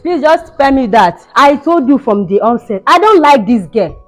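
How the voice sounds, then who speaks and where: A woman's voice: sits high, very animated, normal speed. A woman acting a cruel, taunting mother-in-law in a home-made skit, shrieking and mocking. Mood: ranting. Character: cruel scolding mother-in-law, shrill and bullying. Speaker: actor in a skit. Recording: dull sound with faint music behind.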